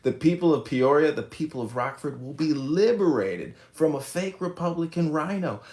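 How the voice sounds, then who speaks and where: A brash, combative man rants from his office, his voice sitting a little high for a man. It rings around the room with a clear echo. He mocks his critics as he goes. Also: expressive, normal speed, few pauses, a little mellow. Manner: brash, ranting, mocking. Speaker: political candidate hosting a social audio room. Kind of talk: combative livestream rant. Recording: echoey room sound.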